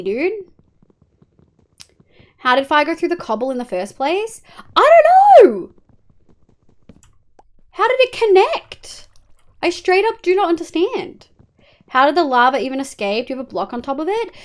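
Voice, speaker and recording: A woman's voice: very high-pitched, fairly bright tone. An Australian woman streaming a game live, talking casually and swearing often as she chats with viewers over a headset.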